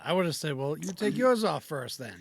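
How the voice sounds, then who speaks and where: A man's voice: on the high side, animated, brisk, gravelly, dry recording. A man co-hosting a podcast, cutting in with short, teasing jokes in casual chat. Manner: wry, teasing quips. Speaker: podcast co-host.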